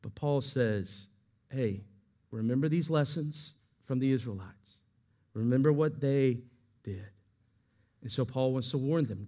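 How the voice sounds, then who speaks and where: A man preaching a sermon, his voice rising and swelling when he quotes scripture and falling soft at the ends of lines. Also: medium pitch, measured pace, long pauses. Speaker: pastor.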